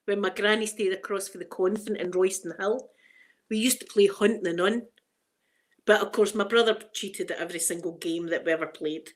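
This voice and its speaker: A woman's voice: mid-range voice, steady tone, fairly quick. A middle-aged woman with a Scottish accent, hosting a livestream and rambling through funny stories, laughing often. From Scotland. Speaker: livestream host. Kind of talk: casual storytelling chat.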